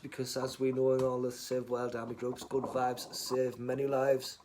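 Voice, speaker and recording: A man chatting casually on a live stream, rambling, joking and swearing, muttering asides and then loudly greeting viewers. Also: mid-range voice, completely flat delivery, normal speed, few pauses, background noise.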